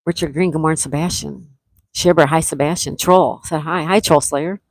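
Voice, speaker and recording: A woman's voice: sits low, steady tone, normal speed, no echo, rough recording. A middle-aged woman from Florida hosting a casual livestream, chatting and reading viewers' comments aloud, greeting each by name. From Florida, USA. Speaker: livestream host.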